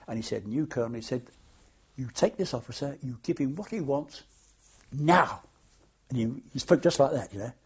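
A man's voice: mid-range voice, darkish tone, breathy edge. An older man, a war veteran, telling anecdotes in an oral history interview, rambling and restarting as he goes. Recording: dull lo-fi archive tape.

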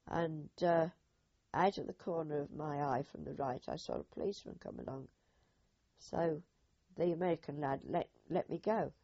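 An older woman telling her own memories as oral history, in a husky voice, acting out each speaker's quoted words. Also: low voice, normal speed, warm tone. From Britain. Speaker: eyewitness. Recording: dull lo-fi recording.

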